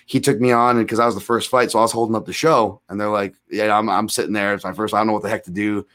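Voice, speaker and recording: A man's voice: lowish voice, steady tone, fast talker, fairly bright tone. Self-deprecating man telling rambling stories. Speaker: guest, MMA analyst. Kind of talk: casual storytelling in a podcast interview.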